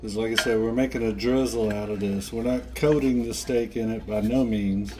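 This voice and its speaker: A man hosting a home cooking video, talking straight to viewers in an excitable, folksy way during a taste test. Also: lowish voice, normal speed, background noise. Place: home kitchen. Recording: echoey kitchen with faint clatter.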